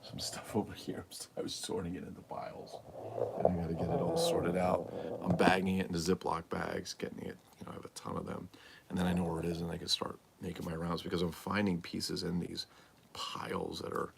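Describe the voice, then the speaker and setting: A man's voice: low-pitched, level tone, a little fast, gravelly, slight background noise. A man hosting a casual livestream from a collectibles room at home, rambling and answering viewers' comments aloud. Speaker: livestream host and toy collector. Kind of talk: casual live-stream chat.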